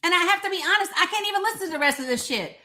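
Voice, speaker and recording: A woman's voice: extremely high pitch, animated, very fast, bright, forceful tone. A woman with an East Tennessee accent hosting live political commentary, blunt, sarcastic and profane. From Northeast Tennessee. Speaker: live show host.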